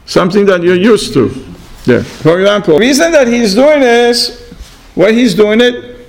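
A man teaching a Torah class, halting with fillers and asking his listeners rhetorical questions. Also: high-pitched, lively intonation, low-quality recording. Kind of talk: class lesson on scripture.

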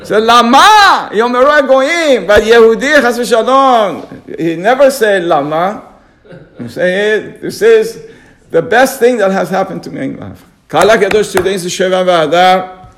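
A man's voice: sits high, normal speed. A man teaching a Torah lesson on the radio, emphatic, acting out people's complaining questions.

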